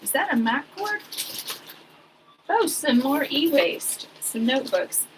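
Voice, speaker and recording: Woman, 40s, casual vlogger, rambling with wry asides, clear background noise on the recording. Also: high-pitched, big pitch swings, slow. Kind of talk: casual chat while sorting old papers.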